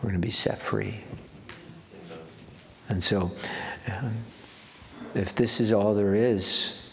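A man's voice: lowish voice, fairly even intonation, takes it slowly, fairly bright tone. A man preaching a sermon in an earnest way, often repeating words for emphasis. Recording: long hall reverb, faint background noise.

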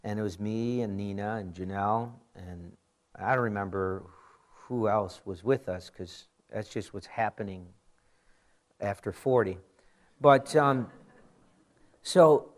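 A man in his forties, a pastor, giving a conversational sermon with animated storytelling and frequent asides. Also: on the low side, a little slow, long pauses.

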